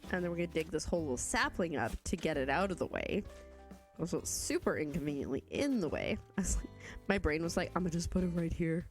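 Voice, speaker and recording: A woman's voice: deep voice, sing-song, fast talker, soft background music. A young woman from Canada, chatting casually and rambling as she streams a game and answers chat. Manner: chatty, rambling, reads chat aloud, laughs often.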